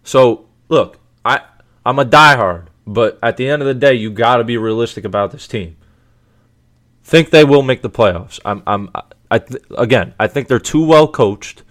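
A man's voice: mid-range voice, normal speed. A man giving a casual, emphatic sports commentary monologue as a show host, full of rhetorical questions and repetition. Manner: animated, emphatic, repeats himself, rhetorical questions.

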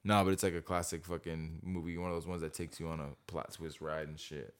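A man co-hosting a podcast, chatting loosely with heavy swearing and animated bursts. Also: sits low, brisk, clean tone. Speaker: podcast co-host. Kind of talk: casual chat.

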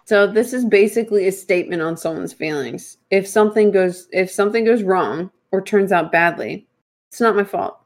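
A woman's voice: medium pitch, normal speed. A woman co-hosting a podcast, reading quiz questions aloud in casual, profane, teasing banter. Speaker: podcast co-host.

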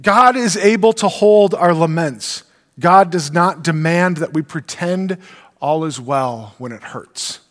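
Earnest preacher in an echoing hall. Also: male voice, fairly high pitch, takes it slowly, a bit bright. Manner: earnest, emphatic teaching voice. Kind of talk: sermon with scripture reading. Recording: long reverb of a large hall.

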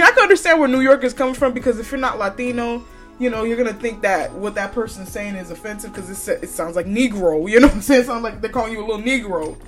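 A woman hosting a podcast, giving blunt, profane opinions in casual chat and often breaking into laughter. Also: medium pitch. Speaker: podcast host.

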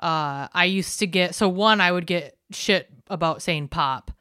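A young woman with a Midwestern accent chats loosely on a podcast, restarting sentences and laughing as she goes. Her voice is bright and crisp, recorded close and dry. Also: on the low side, unhurried, no echo. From South Dakota. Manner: chatty, laughing, full of fillers and restarts. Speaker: podcast co-host. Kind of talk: casual chat.

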